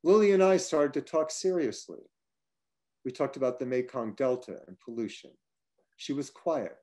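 A man's voice: mid-range voice, darkish tone. A man reading his own personal prose aloud with dry, wry storytelling.

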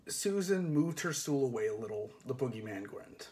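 A man reading a comic fantasy novel aloud in a measured, dry storytelling manner. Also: mid-range voice, expressive, a little mellow. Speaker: reader.

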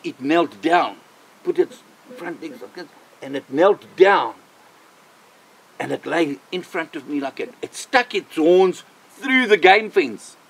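An older man, a missionary, telling a personal faith testimony in an animated way, repeating phrases for emphasis. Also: on the high side, husky, rough recording. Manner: animated, vivid storyteller who repeats himself for emphasis.

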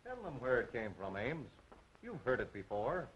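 A man's voice: mid-range voice, big pitch swings, moderate pace, natural voice. Man as a cocky sarcastic suitor, dull old soundtrack, faint hiss. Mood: brash. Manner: brash, sarcastic. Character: cocky young male suitor. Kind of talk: 1930s film acting.

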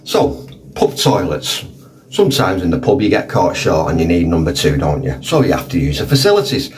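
A man's voice: low voice, animated, moderate pace, a little mellow, slight background noise. A man grumbling humorously about pub habits in a casual monologue, recorded in a pub. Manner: chatty, grumbling, dry humour. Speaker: pub vlogger. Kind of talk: casual comic monologue to camera.

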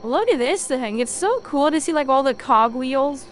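A woman's voice: sits high, lively intonation, normal speed, soft background music. A woman streamer chatting casually and rambling jokingly to viewers while she plays a game. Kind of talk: casual gameplay chat.

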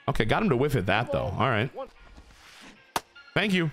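Music plays behind this young man as he streams a baseball game and talks to his chat in a casual way. His medium-pitched voice is very animated and fairly quick, with frequent pauses, and he cheers, groans and curses with each play.

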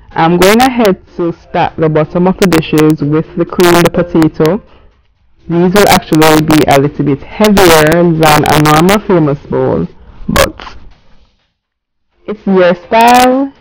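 A woman's voice: on the low side, noisy background. A woman giving a casual cooking voice-over, chatty and talking straight to her viewers. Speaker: cooking channel host.

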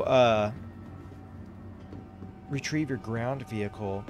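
A man giving excited, chatty commentary while playing a space game, reacting aloud to everything he sees. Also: medium pitch, moderate pace. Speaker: gaming YouTuber. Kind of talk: casual gameplay commentary. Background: game music.

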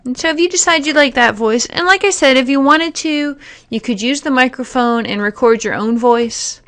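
A woman narrating a software tutorial, explaining each step plainly with occasional fillers. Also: high-pitched, normal speed. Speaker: teacher giving a software tutorial. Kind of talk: screen-recorded tutorial narration.

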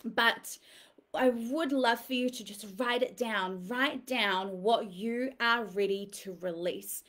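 High-voiced slow coaxing woman mentor. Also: a bit bright. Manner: earnest, coaxing, rising to fervent urging. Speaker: women's empowerment mentor. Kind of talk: guided release visualization.

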